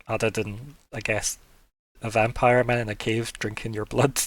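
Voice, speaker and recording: A man narrating as game master in a casual, relaxed way, laughing often and filling his talk with "like". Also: on the low side, normal speed, no echo.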